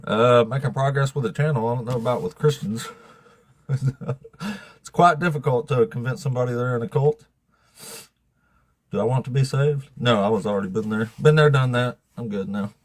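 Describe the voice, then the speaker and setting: A man's voice: medium pitch, normal speed, pauses often, no echo. A man hosting a livestream debate show, joking and laughing often.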